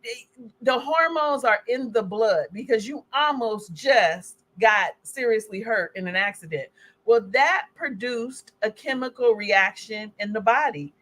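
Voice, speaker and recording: A woman presenting slides as a health educator, speaking in a conversational, animated way and acting out little scenes. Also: on the high side, a little slow. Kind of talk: presentation talk.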